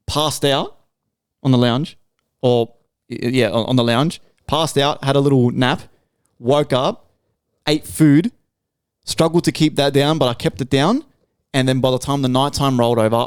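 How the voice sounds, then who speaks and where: A man's voice: medium pitch, moderate pace, long pauses, smooth, no room sound, clean studio sound. A young Australian man hosting a podcast, telling a long story in casual, swearing chat. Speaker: podcast host.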